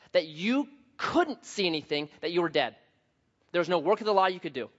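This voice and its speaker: A man preaching a sermon, telling a story with lively acted-out voices and sound effects. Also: high voice, muffled recording. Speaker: pastor.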